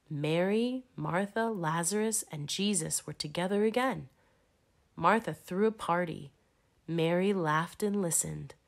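Woman, children's story read-aloud, low voice, expressive, emphatic. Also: vocal fry.

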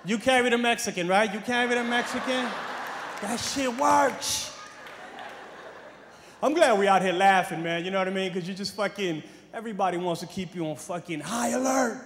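A man from New York with a New York accent doing a brash, profane stand-up comedy set, swinging from muttering to shouting. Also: high-pitched, normal speed. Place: large comedy venue with a live audience. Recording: echoey hall with crowd noise.

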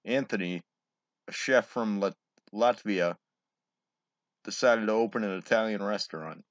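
A man's voice: lowish voice, a little slow, dry recording. A man casually reading jokes aloud, giggling and swearing between them. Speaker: joke reader. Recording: dull, lo-fi home recording.

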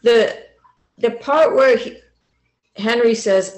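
A woman's voice: medium pitch, measured pace. A woman podcast host asking guests questions in a casual, enthusiastic way. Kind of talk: casual chat. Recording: roomy echoey room.

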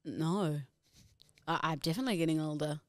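A woman's voice: low voice, brisk, no room sound, studio quality. A woman, co-hosting a podcast in playful, teasing casual chat. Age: 20s. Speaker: podcast co-host.

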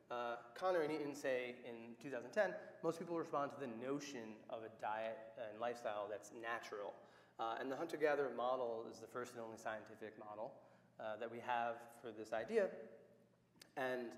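A man giving an academic conference talk and answering questions, with frequent "uh" fillers. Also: mid-range voice. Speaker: conference speaker. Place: conference hall. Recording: echoey hall.

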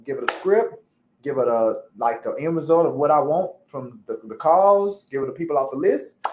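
A woman with a fairly low voice that swings widely in pitch, trading playful, slangy banter as a co-host. She sounds like she's in an echoey room. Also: expressive, normal speed, a little mellow. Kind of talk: casual chat.

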